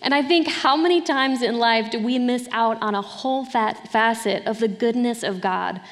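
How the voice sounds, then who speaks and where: In a fairly high voice at a moderate pace, a woman delivers a sermon that feels like a conversation, frequently tossing in "right?" to check on her listeners. Hall reverb colors the recording.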